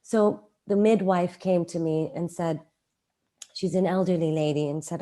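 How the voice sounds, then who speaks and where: A middle-aged woman telling a personal story in a casual interview, animated and acting out quoted lines. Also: normal speed. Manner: animated, acts out quoted lines with raised pitch. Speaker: guest.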